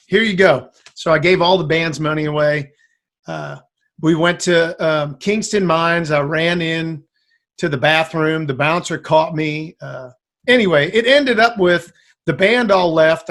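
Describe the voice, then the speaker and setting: High-voiced man telling a rambling story. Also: unhurried. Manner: rambling, animated, acts out quoted lines. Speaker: guest musician. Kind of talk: casual storytelling.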